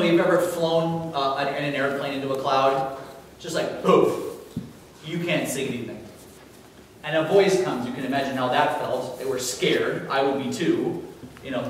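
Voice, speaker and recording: A male pastor preaching a sermon in a relaxed, conversational storytelling manner, recorded in a church. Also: on the high side. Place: church sanctuary. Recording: echoey church from far off, faint hiss.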